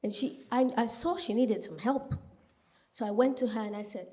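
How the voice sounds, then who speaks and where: A woman's voice: on the high side, normal speed, mellow. A woman doing a stand-up set in a comedy club, talking to the crowd in a punchy, chatty way with lots of asides.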